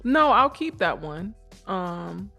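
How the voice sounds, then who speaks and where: A young woman co-hosting a casual podcast with her partner, animated and teasing, with a Black way of talking. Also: mid-range voice, gravelly, faint music behind. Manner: animated, teasing, quick bursts of loud emphasis. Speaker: podcast co-host. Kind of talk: casual couple chat.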